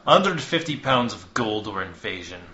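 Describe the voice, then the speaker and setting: A man's voice: fairly low pitch, very animated, moderate pace, bright, forceful tone. A man voicing a sneering, threatening envoy with a Russian-tinged accent. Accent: put-on Russian-sounding accent. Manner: threatening, contemptuous ultimatums. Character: arrogant, sexist foreign male envoy. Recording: echoey room, dull lo-fi sound, faint hiss.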